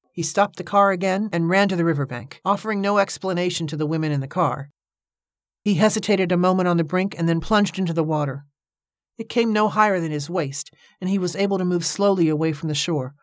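A woman narrating an audiobook in a steady, measured storytelling manner, recorded on a close microphone. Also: on the low side, dry recording.

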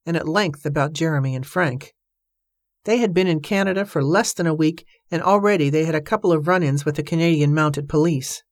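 Low-voiced woman reading a novel. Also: no room sound, studio quality. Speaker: audiobook narrator. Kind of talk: scripted narration.

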